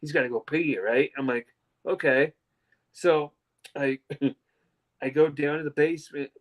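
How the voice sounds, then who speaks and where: A young man co-hosting a casual wrestling podcast, an animated storyteller who slips into mocking fake-crying voices. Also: a little high, unhurried. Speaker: podcast co-host.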